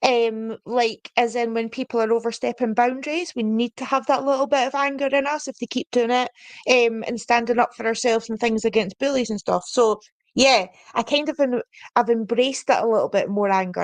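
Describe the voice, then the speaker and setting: A woman's voice: fairly high pitch, fairly even intonation, fairly quick, no echo. A Scottish woman co-hosting a casual chat over a video call, chatty and giggly, often trailing off mid-sentence. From Scotland. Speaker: co-host.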